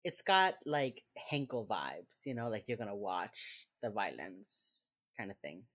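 A young woman with a deep voice hosts a casual podcast. She recaps a show in loose, filler-heavy chat and breaks into laughter as she quotes the characters. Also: big pitch swings, a little slow. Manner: chatty, lots of fillers, acts out quotes with laughs. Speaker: podcast co-host recapping a TV episode.

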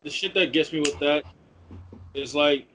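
A man's voice: a little high, a little slow, slight background noise. A young man who works at a coffee shop, ranting about customers in casual chat and swearing freely. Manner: animated ranting, swears a lot.

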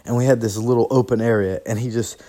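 A young man at a mid-range pitch, talking loosely and cursing freely. He rambles through his story, restarting sentences and laughing along the way. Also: steady tone, fast, dark tone. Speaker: podcast host. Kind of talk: casual solo storytelling.

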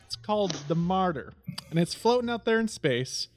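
A man's voice: high-pitched, animated, moderate pace, faint music behind. A man hosting a casual gaming chat, rambling and laughing often, swearing casually.

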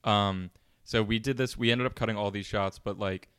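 A man's voice: on the low side, fairly even intonation, moderate pace, a bit bright, smooth, no echo, studio quality. A young man co-hosting a podcast, chatting casually and rambling with lots of fillers and self-mocking jokes. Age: young adult. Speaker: podcast co-host. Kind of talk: casual chat.

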